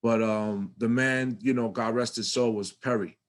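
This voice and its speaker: Animated and free with his swearing, this interview guest is a middle-aged man from New York City with the accent to match. His mid-range voice moves at a moderate pace as he tells stories casually, playing out his younger self.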